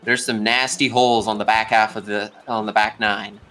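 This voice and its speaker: A man's voice: on the low side, level tone, normal speed, sharp tone, soft background music. A young man giving casual live play-by-play commentary on a video game golf tournament, chatty and talking straight to the players.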